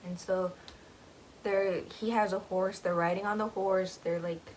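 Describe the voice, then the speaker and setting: A woman's voice: mid-range voice, steady tone, unhurried, a little mellow, slight background noise, low-quality recording. A young woman casually retelling a book's plot, rambling with lots of fillers and giggles. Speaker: book vlogger.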